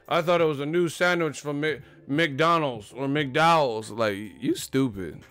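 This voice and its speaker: A man's voice: medium pitch, a little slow, hardly any pauses, a bit bright, smooth, dry recording. Male streamer host, loose profane banter, laughs easily; dry close mic, faint music underneath. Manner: profane, joking, laughing often. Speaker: boxing YouTuber. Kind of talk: casual livestream commentary.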